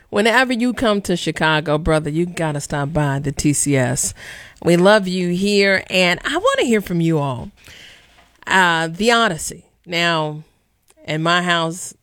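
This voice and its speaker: A woman's voice: on the low side, animated, a little slow, fairly bright tone, no room sound. A woman hosting a radio talk show, chatting conversationally and speaking directly to listeners. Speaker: radio host. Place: radio studio. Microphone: studio microphone.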